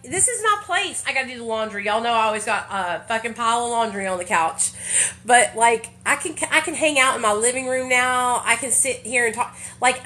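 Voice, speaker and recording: Livestreaming on her phone from the living room, this woman in her 30s talks candidly with her viewers and doesn't hold back on swearing. She has a mid-range, fairly bright voice.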